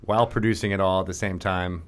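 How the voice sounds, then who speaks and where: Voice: sits low, fairly even intonation, fast talker. A hesitant host full of fillers. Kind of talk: casual chat.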